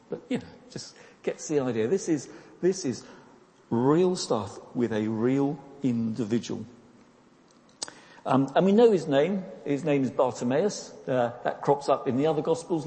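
A man preaches in a relaxed, chatty manner, tossing in questions to his listeners and stumbling over repeated words. His voice is mellow and warm. It rings out with the long reverb of a church hall. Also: mid-range voice. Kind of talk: sermon.

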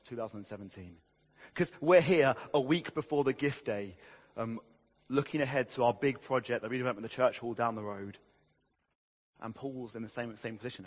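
A man's voice: mid-range voice, breathy edge, muffled recording. Man preaching in a reverberant church. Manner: animated, conversational, with many restarts. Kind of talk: sermon.

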